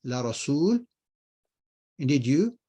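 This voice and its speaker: Slow and sing-song, a man teaches Arabic online in a mid-range voice that is dark with a breathy edge. He patiently explains, goes over key phrases again, and answers the questions he raises.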